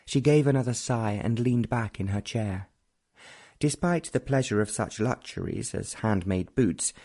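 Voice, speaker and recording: A man narrating an audiobook of a romance novel in measured, even storytelling. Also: on the low side.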